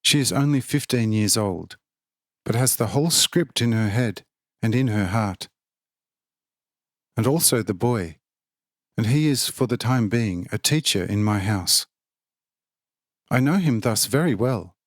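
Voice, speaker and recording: Calm fatherly man, read by a male narrator. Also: fairly low pitch, a little slow, pauses often, no echo, clean studio sound.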